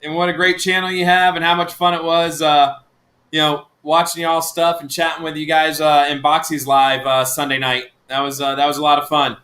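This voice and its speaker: Bright-voiced rambling man chatting. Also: a little high, level tone, moderate pace. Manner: rambling, full of fillers and restarts, laughs easily. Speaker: live stream co-host. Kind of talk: casual chat.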